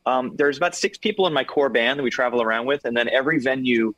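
A man's voice: mid-range voice, fast talker, fairly bright tone, dry recording, low-quality recording. A man from Los Angeles, a singer and actor being interviewed over a video call, talking casually with many fillers and restarts.

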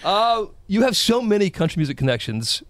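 A man hosting an interview, chatty and quick with short agreements. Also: sits high, big pitch swings, no room sound. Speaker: interview host. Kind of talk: casual interview chat.

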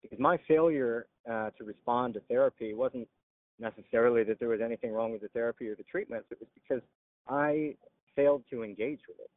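A veteran telling his story in an interview, halting with frequent "uh" pauses. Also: mid-range voice, dry recording. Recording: tinny phone-like line.

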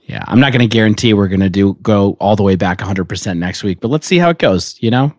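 A man's voice: lowish voice, expressive, quick pace, no room sound, clean studio sound. A man co-hosting a podcast, talking casually with many restarts. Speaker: podcast co-host.

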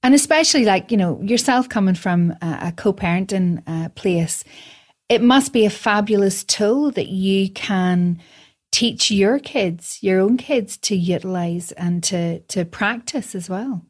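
A woman's voice: mid-range voice, measured pace. A woman hosting a casual podcast chat, enthusiastic and prone to small restarts.

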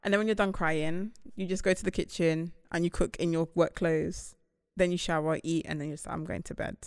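Lively young woman telling stories. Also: fairly low pitch, brisk, smooth, no room sound, clean studio sound. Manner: animated storytelling. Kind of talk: casual chat.

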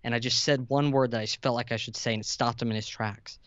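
Young male guest, earnest storyteller, dry flat-sounding mic. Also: medium pitch, fast talker, no room sound, dull audio. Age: 20s. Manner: earnest, vulnerable, builds to intense emphasis. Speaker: podcast guest, entrepreneur. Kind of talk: emotional storytelling in conversation.

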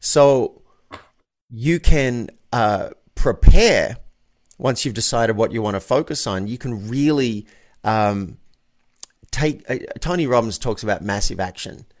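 A man's voice: mid-range voice, lively intonation, slow pace. A man sharing a personal story in a casual conversation as a guest, earnest and prone to restarting his sentences. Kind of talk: casual chat.

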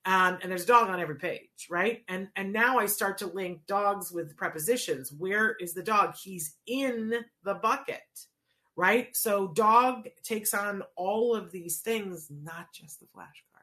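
A woman's voice: mid-range voice, unhurried, bright, forceful tone. A woman coaching parents on teaching a child words, explaining casually and often checking in with "right?". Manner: conversational, checks in with frequent "right?". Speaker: child language therapy coach.

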